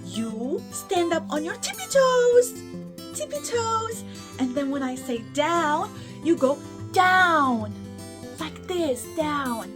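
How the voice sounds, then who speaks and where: A young woman hosts a toddler learning show with a very high, lively, sing-song voice. She talks very slowly and coaxingly, stretching each word for little listeners. Music plays clearly behind her. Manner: slow, exaggerated, sing-song encouragement. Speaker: children's show host. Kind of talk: teaching toddlers through play.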